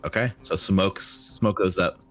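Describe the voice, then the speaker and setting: A man runs a tabletop game with a fairly low voice, patient as he explains the rules. He double-checks each player's choice. Soft music plays faintly behind him. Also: a little slow. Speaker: game master. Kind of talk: running a tabletop game online.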